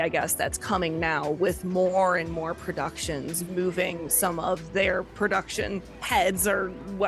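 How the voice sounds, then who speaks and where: A woman from the Chicago area, a voice actor chatting casually as a podcast guest and saying "like" a lot. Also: on the low side. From Chicago area, USA. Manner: chatty, lots of "like".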